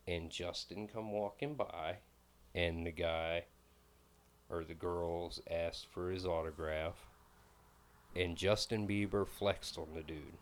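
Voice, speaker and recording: Low slow guy hosting a podcast, snarky and mocking. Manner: wisecracking, mocking. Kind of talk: casual chat.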